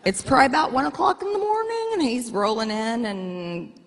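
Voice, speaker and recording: A woman's voice: fairly high pitch, fairly quick. Blunt, self-mocking middle-aged woman in a hall. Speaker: guest speaker. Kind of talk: candid stage interview. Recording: long hall reverb.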